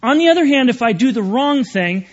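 A man's voice: very high voice, animated, a little fast, dull audio. A man preaching an earnest, conversational sermon, often checking in with his listeners.

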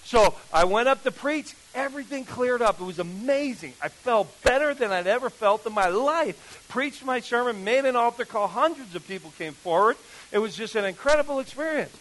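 Male preacher, high-pitched, animated storyteller who acts out voices. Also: normal speed, rough recording. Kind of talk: storytelling sermon.

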